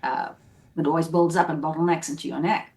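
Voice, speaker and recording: A South African actress, appearing as a guest in a casual interview, tells animated stories and acts out the scenes and voices along the way. She speaks in a low-pitched voice, a little fast.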